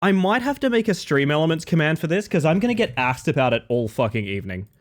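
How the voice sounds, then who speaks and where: Brief: young male streamer, a little under the weather, voice slightly off, playful and jokey, bouncy intonation, sits a touch high. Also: very animated, quick pace. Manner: playful, jokey banter, greeting viewers by name. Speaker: live streamer. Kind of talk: casual live-stream chat with viewers.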